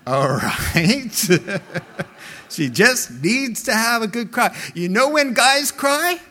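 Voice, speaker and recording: Bright, high-pitched preaching man. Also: slow pace. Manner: animated storytelling, emphatic. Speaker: pastor. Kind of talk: sermon.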